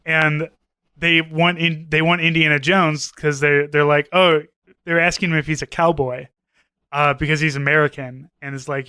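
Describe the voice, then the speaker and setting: A man co-hosting a podcast in a loose, rambling way, retelling scenes and tossing in quoted lines. His voice is bright and smooth, a little higher than most men's, and the sound is dry and close. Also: level tone, moderate pace, no echo. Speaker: podcast co-host. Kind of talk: casual chat.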